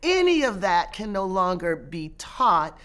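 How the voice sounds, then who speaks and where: Measured professor woman, halting restarts. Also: on the low side, very animated, a bit bright. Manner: measured, with frequent restarts and pauses. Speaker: guest, professor and author. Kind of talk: interview answers.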